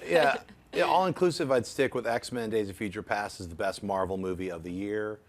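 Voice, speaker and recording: A man who is a writer-director, sitting on a casual movie panel and talking in an animated, rambling way. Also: fairly low pitch, normal speed.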